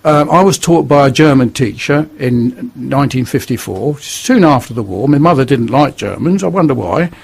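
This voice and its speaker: A man's voice: mid-range voice, animated, normal speed, creaky, few pauses, husky. An older man with a northern English accent, telling his life story bluntly and earnestly as a radio guest. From northern England. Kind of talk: testimony on radio.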